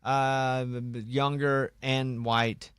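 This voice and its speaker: A man hosting a radio show, chatting casually in the studio with his co-hosts, in a relaxed conversational way. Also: medium pitch, drawn-out words, clear, resonant tone, dry recording. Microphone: studio microphone.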